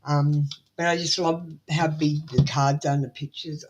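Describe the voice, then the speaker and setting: A woman's voice: deep voice, flat delivery, moderate pace, muffled recording, background noise. A middle-aged woman with an Australian accent doing a live tarot reading, blunt, motherly and swearing freely. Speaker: tarot reader.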